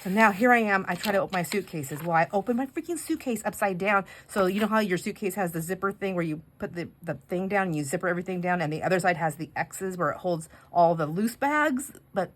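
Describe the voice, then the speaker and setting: A woman's voice: on the low side, expressive, fast, hardly any pauses. A woman chatting casually while decorating pages, telling a rambling story with asides about her crafting. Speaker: craft vlogger.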